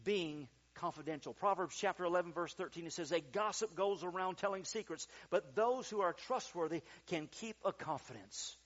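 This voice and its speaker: A male pastor delivers a sermon in a high-pitched voice. He tells a story with lively, acted-out quotes and builds to emphatic peaks. The recording sounds slightly dull and lo-fi. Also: normal speed, few pauses.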